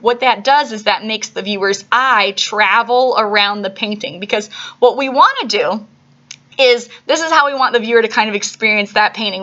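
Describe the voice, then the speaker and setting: A woman gives a video art lesson for young children, talking in a chatty classroom manner and checking in with "right?" and "okay?" as she goes. Her voice sits a little high and sounds bright and crisp. The recording is slightly dull and lo-fi. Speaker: art teacher.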